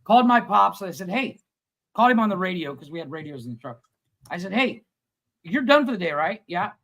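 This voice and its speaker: A man in his thirties co-hosting a casual livestream chat, telling a long story with lively acted-out quotes and plenty of swearing. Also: high voice, a little fast, creaky, poor audio. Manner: animated storyteller, acts out quotes, swears freely. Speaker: podcast co-host.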